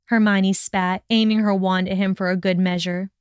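A woman narrating a story aloud in a steady, expressive storytelling manner. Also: mid-range voice, a little slow, few pauses, clean tone, no room sound, clean studio sound. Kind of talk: reading fan fiction aloud.

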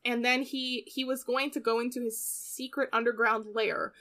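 A woman's voice: a little high, steady tone, normal speed, pushed and bright. A young adult woman co-hosting a podcast, chatting casually and giggling, with many "like" fillers. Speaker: podcast co-host recapping an anime episode. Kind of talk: casual chat.

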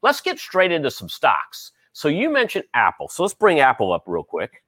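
Man, host, rambling trading talk, fillers, lively pitch, dry sound. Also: normal speed, dry recording. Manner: rambling, many fillers, sports analogies. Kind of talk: casual market commentary.

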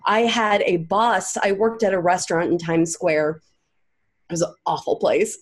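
A woman's voice: lowish voice, steady tone, normal speed. A young woman from the American South, a guest actor, with a light Southern accent, telling stories and acting out the people in them. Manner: storytelling, acts out quoted people. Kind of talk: casual interview chat.

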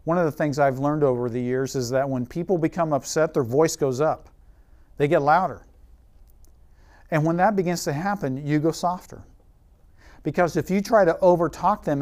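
A man preaching, soft at times. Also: on the high side. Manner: storytelling, drops to a soft, quiet voice for emphasis. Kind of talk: sermon.

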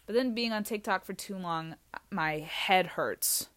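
A young woman vlogging in a rambling, scattered way, goofy and self-mocking, with sudden loud outbursts. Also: fairly low pitch, a little slow. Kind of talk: rambling casual monologue.

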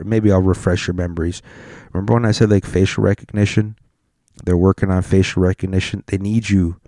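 A man's voice: low voice, dark tone, no echo, clean studio sound. A man in a casual, rambling rant full of swearing and restarts. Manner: rambling, profane, restarts a lot.

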